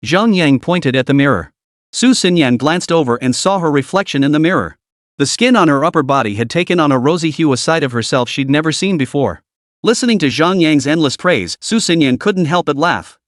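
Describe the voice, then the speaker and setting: A man narrating a scripted comic story recap in an even storytelling manner. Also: on the high side, brisk, dry recording, clean studio sound.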